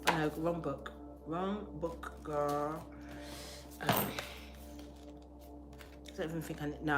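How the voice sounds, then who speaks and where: A young woman giving a live tarot reading to viewers, loud, profane and animated, with a sore throat. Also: fairly low pitch. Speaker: tarot reader.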